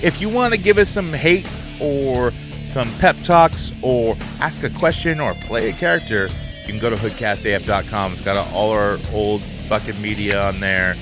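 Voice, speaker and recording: A man's voice: fairly low pitch, moderate pace, music in the background. A man hosting a podcast in a casual, crude and joking way. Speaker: podcast host. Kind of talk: casual chat.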